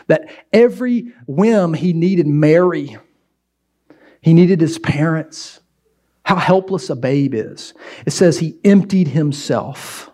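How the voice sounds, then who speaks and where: A middle-aged male pastor preaching a sermon in an animated way, acting out scenes as he goes. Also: on the high side.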